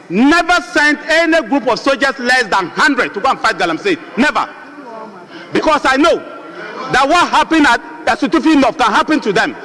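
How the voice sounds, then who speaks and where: A man's voice: very high-pitched, bright, forceful tone. A middle-aged man with a Ghanaian accent, a member of parliament giving a fiery, accusing debate speech in a parliament chamber, hammering home repeated rhetorical questions.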